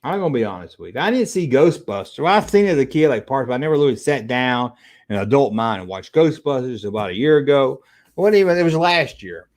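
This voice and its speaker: A middle-aged livestream host talks quickly at a medium pitch. Chatting casually with his audience, he rambles across tangents in an animated, profane style.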